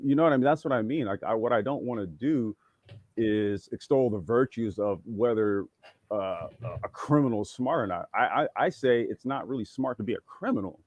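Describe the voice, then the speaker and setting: A man's voice: medium pitch, darkish tone, no echo, muffled recording. A man guesting on a casual livestream talk show, thinking aloud with many restarts and getting emphatic when pressed. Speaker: podcast guest.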